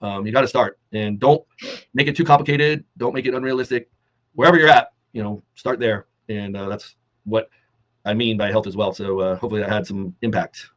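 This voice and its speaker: A man co-hosting a fitness talk, delivering earnest, measured motivational advice and holding back emotion. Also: on the low side, a bit bright. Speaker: co-host of a fitness summit talk.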